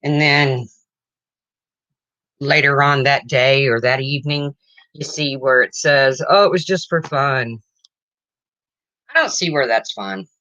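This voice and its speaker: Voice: medium pitch, bright, forceful tone, muffled recording. A livestream host in casual chat, rambling and breaking off to greet viewers, emotional and close to tears.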